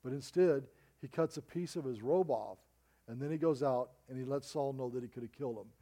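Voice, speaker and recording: A man's voice: mid-range voice, a little fast, dark tone. A middle-aged man preaching a sermon as pastor, telling a story with emphatic rises and drops.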